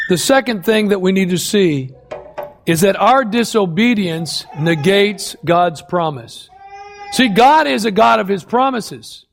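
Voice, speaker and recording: A man preaching a sermon in an unusually high voice with a gravelly edge. He leans hard on his points and repeats key phrases for effect. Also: lively intonation, measured pace, slight background noise. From United States. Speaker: pastor.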